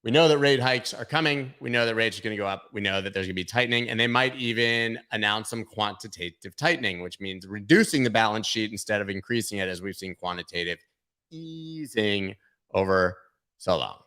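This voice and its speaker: Low, bright-toned man riffing on markets. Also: lively intonation, fairly quick. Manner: loose, joking, rambling, with asides. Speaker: host of a crypto market livestream. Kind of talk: casual market commentary.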